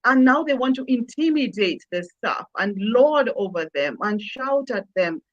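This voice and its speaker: A woman's voice: on the high side, lively intonation, unhurried, dull audio. A woman guest in a conversational interview, speaking emphatically and repeating phrases for effect. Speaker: customer experience consultant, guest.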